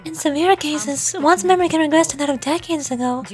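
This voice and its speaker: Calm analytical manager, voiced by a woman reader, high voice, measured delivery, music bed. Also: lightly acted. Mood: explaining. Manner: measured, explanatory. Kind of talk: reading game dialogue aloud. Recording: game music behind the voice.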